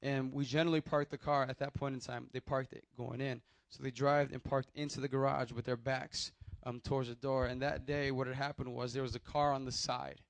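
A man's voice: medium pitch, little pitch movement, fairly quick, hardly any pauses, dry recording. Man preaching. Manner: conversational storytelling with restarts and acted quotes. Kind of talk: sermon with personal testimony.

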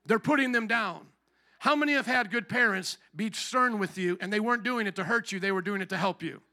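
A man's voice: high-pitched, brisk, sharp tone. A man preaching a sermon as pastor, putting emphatic rhetorical questions to his congregation.

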